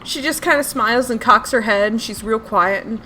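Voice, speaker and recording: A woman's voice: on the high side, sharp tone, slight background noise. Woman narrating a tabletop game. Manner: laughs often, halting descriptive narration. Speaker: game master.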